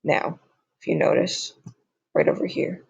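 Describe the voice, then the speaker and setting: A young man walks through a beginner lesson from slides, slow and patient, repeating each phrase for drill. His voice sits a little high and is heavy with gravel. The sound is dry and close, with no room around it. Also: little pitch movement, darkish tone, dry recording, dull audio. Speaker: language teacher. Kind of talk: slide-based lesson narration.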